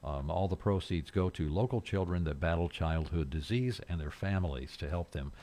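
A man's voice: low-pitched, moderate pace, mellow. A man hosting a small-town morning radio show, chatting casually and rambling through announcements and jokes. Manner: folksy, rambling, jokes and chuckles. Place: radio studio.

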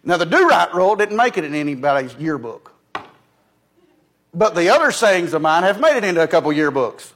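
A man preaching a sermon in a folksy storytelling way, moving between loud emphatic peaks and low, quiet asides. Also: very animated, brisk. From United States.

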